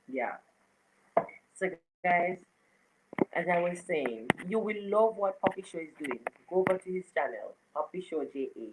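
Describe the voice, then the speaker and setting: A livestream host with a fairly low-pitched voice reads out viewers' comments against a noisy background. She keeps it casual, welcoming people by name and laughing frequently.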